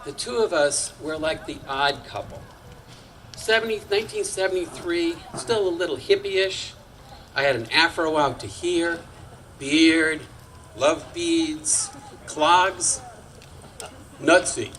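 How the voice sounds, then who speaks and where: Older male storyteller, sixties, wry and chatty, slightly high voice, faint hiss behind. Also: slow pace, a bit bright, rough recording. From Massachusetts. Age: 60s. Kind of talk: personal storytelling on stage. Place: community storytelling night before an audience.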